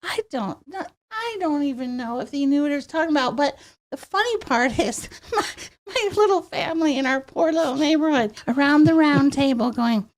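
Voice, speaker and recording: Woman, very high childlike voice, animated storyteller, studio interview guest. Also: moderate pace. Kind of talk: casual interview chat.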